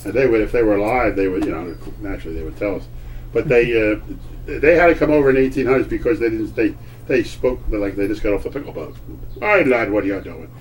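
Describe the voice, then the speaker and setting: A man's voice: fairly low pitch, a little mellow. Elderly man telling old family stories. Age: older. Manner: halting, searching for words, repeats himself. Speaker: grandfather telling family history. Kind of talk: casual storytelling at home. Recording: distant old home recording with faint hiss.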